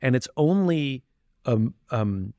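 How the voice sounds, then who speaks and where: A man talking as a podcast guest, candid and self-reflective, sometimes acting out the voices of the people he quotes. His pitch sits in the middle range for a man. The sound is dry and close, with no room echo. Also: lively intonation, slow, a little mellow. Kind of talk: reflective conversational talk.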